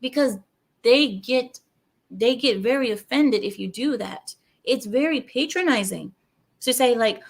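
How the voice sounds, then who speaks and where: A woman's voice: a little high, measured pace. A woman from outside America hosting a channel, ranting in casual commentary and speaking straight to her viewers. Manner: animated, ranting, asides to viewers. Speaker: channel host.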